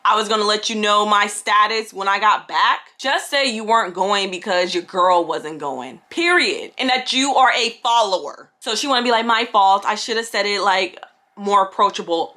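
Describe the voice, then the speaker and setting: A woman's voice: mid-range voice, expressive, normal speed, sharp tone. A young woman telling a storytime vlog in an indignant, sassy way, acting out what her friends said. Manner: indignant, sassy, quoting friends in mock voices. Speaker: vlogger.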